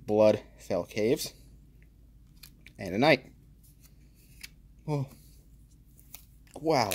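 Slow-talking man opening card packs. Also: fairly low pitch, slightly rough. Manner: jokey, reads card names aloud, bursts of excited exclaiming. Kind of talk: casual unboxing commentary.

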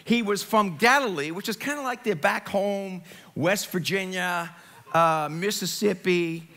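Pastor, male, from Long Island: high, bright, lively sermon voice, chatty with asides. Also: unhurried. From Long Island, New York. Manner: animated and conversational, jokes and asides, swings from loud to hushed. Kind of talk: Easter sermon. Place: church sanctuary, live service.

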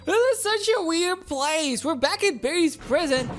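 A woman commenting on her gameplay to her viewers, animated, yelling and laughing as she plays. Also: very high-pitched, a little slow. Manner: animated, squealing and laughing at the game. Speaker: gaming video host.

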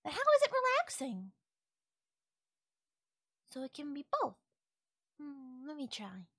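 A naive young wolf-girl, voiced by a woman in an ASMR audio role-play, asking question after question. Her voice sits high and swoops up and down, and she takes her time with every word. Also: wildly swooping pitch, takes it slowly, fairly bright tone, no echo, studio quality, full character voice. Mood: soft, wondering. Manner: wondering, questioning, innocent. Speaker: voice actress.

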